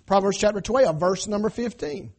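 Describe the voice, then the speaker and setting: A man preaching a sermon in church, emphatic and swinging between loud cries and hushed asides, calling on the congregation to answer. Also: high voice, moderate pace. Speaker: pastor.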